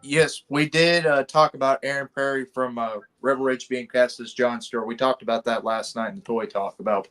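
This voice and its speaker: Co-host, man, measured delivery, faint music underneath. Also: mid-range voice, fairly even intonation, a bit bright. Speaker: podcast co-host. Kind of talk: casual podcast chat.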